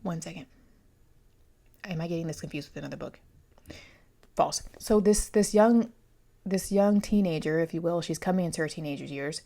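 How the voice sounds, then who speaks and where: Young woman book vlogger, lowish voice, chatty and rambling, off-the-cuff. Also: normal speed, vocal fry, pauses often, warm tone. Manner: chatty, rambling, self-correcting. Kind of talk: casual chat.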